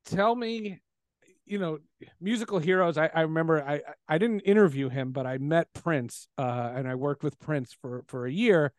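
A man hosting a relaxed interview, his voice sitting a little higher than most men's. He is chatty, jumps in with his own stories, and the sound is dry and close with no room around it. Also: clean tone, no room sound. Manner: chatty, quick to laugh and chime in. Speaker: podcast host. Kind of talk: casual interview chat.

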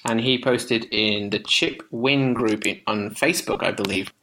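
A man's voice: lowish voice, unhurried, sharp tone, a little hiss or hum, poor audio. Chatty, laughing man. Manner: chatty and self-mocking, often laughing. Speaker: co-host of a music podcast. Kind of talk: casual chat.

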